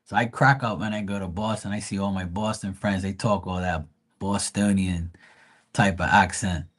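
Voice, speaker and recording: A man from Bermuda with a Bermudian accent, chatting casually on a live stream, animated and full of slang. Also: low-pitched, moderate pace. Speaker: live tarot reader.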